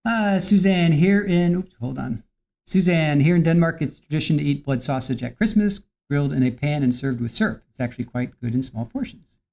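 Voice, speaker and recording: A relaxed livestream host chatting casually through viewer comments, the voice dark and mellow with middling pitch. The talk is loose and easygoing, with small chuckles between remarks. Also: brisk, vocal fry.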